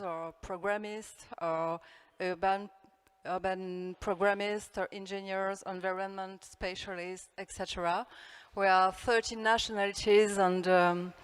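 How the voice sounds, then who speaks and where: A French woman speaking English with a French accent, giving a conference talk in a halting way with many fillers and restarts. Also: medium pitch, smooth. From France. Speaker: architect giving a festival talk. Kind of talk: conference presentation. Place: large hall. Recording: long hall reverb.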